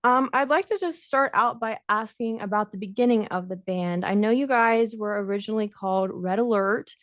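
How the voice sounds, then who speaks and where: A woman hosts a casual podcast interview, eager and talkative as she sets up her questions. Her voice sits at a middle pitch. The sound is close and dry, with no room echo. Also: moderate pace, fairly bright tone. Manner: eager, grateful and talkative while asking questions. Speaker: podcast host.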